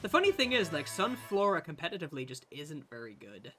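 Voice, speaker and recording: A woman streamer commentating live on a game, with loud, profane outbursts of disbelief. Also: sits low, sing-song, brisk, music in the background.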